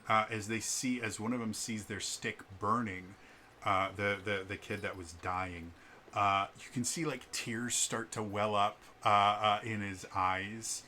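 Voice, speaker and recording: A man narrating as game master in a tabletop game, unhurried and halting, with many fillers. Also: lowish voice, sharp tone, a little hiss or hum.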